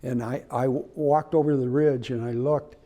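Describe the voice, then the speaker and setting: A man casually telling a hunting story, rambling and halting with many restarts, indoors in a room with his trophy rug on the wall. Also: medium pitch, steady tone, dark tone.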